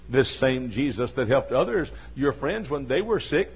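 An older man preaching a sermon, telling a story haltingly with fillers and then rising into fervent preaching. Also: medium pitch, animated, husky. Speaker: pastor. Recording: dull lo-fi recording with faint hum.

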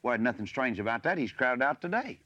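A man preaching a sermon, mixing folksy personal asides with loud, rising emphasis on scripture verses. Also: mid-range voice, very animated, brisk, no room sound. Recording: dull lo-fi recording.

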